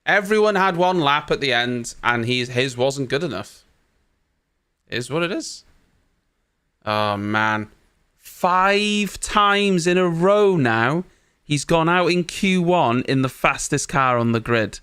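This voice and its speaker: A man's voice: mid-range voice, lively intonation, unhurried, fairly bright tone, clear, resonant tone. A young man hosting a race watchalong, giving live reaction commentary in an exasperated, ranting way and swearing casually.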